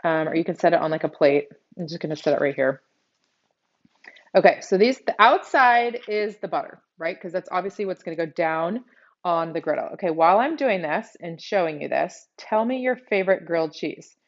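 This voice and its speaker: Texas lady, middle-aged, low-ish voice, chatty cooking stream from her kitchen, kinda dull lo-fi sound. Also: animated, a little fast. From South Texas. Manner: chatty, talks straight to viewers. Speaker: cooking show host. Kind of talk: live-streamed cooking demo. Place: home kitchen.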